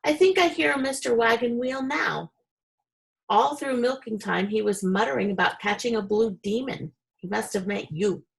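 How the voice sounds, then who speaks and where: A woman's voice: a little high, normal speed, gravelly. A woman reading a storybook aloud, voicing friendly, curious farm cows.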